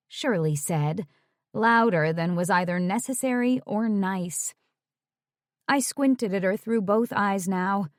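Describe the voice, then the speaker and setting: A woman narrating a romance audiobook in the first person, measured and wry, on a close studio mic. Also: mid-range voice, dry recording.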